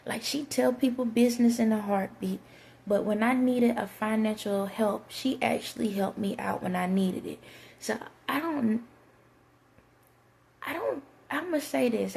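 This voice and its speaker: This is a woman telling a winding story to her audience. Her voice is mellow and dark with a gravelly edge. She drifts between her own account and quoted dialogue in a loose, conversational way. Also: fairly high pitch, a little hiss or hum. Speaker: vlogger. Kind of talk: rambling storytime monologue.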